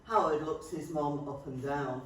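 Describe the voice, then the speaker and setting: A man reading out stage directions as narrator, slow and measured. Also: fairly high pitch, a little hiss or hum. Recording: echoey hall, far from mic.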